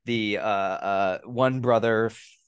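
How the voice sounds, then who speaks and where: Profane, animated male podcast host. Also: on the low side, takes it slowly, clean tone, no room sound, highs cut off. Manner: profane, animated retelling of scenes. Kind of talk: casual film review chat.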